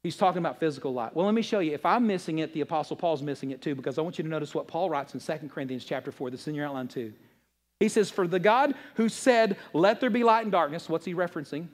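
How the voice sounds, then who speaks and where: A man preaching a sermon, asking the audience questions and swinging between loud passages and hushed ones. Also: on the high side, fast talker. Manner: asks the audience rhetorical questions. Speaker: pastor.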